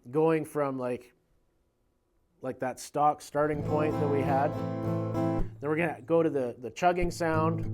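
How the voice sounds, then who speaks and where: Relaxed man teaching guitar, higher voice. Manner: relaxed, conversational, counts beats aloud, clears throat now and then. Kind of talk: casual video lesson. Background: guitar playing.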